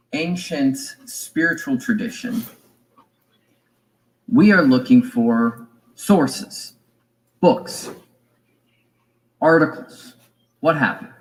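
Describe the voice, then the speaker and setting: A man giving a reflective spiritual lecture, musing and deliberate, with fillers and small asides. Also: medium pitch, rough recording. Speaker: spiritual teacher.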